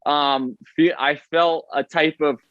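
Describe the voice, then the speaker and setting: A man, a baseball player, telling stories in casual podcast talk, fast and chatty with many fillers and "right?" tags. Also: on the high side, fairly even intonation, dry recording, dull audio.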